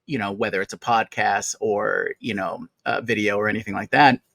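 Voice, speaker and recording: A man's voice: on the low side, steady tone, normal speed, creaky, a bit bright, no room sound, poor audio. A man co-hosting a casual chat show, thinking aloud with many fillers and restarts. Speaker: co-host.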